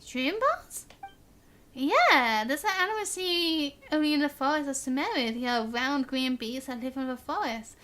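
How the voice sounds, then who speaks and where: A young woman streaming a game, reading its dialogue aloud and chatting, bubbly and quick to laugh at her own slips. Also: sits high, expressive, fairly bright tone. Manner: chatty, bubbly, stumbles on words and laughs at herself. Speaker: gaming streamer. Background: game music.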